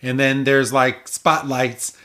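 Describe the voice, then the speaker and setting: A man's voice: medium pitch, takes it slowly. A man co-hosting a podcast, recapping a cartoon with lots of swearing and bursts of laughter. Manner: animated, swears a lot, breaks into laughter. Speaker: podcast co-host. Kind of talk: casual episode recap chat.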